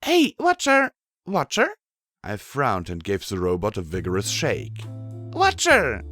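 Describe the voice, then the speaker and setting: A man voicing a scrappy young mare pony, a blunt wasteland survivor who is quick to shout and grin, in an audiobook. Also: sits low, faint music behind, lightly acted. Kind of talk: audiobook character voice.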